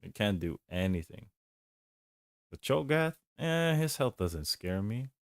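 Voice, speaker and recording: Male game streamer, deep voice, slow rambling delivery, chuckles a lot. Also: big pitch swings, vocal fry, dry recording, studio quality. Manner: rambling, laid-back, chuckles often. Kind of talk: casual gaming stream chat.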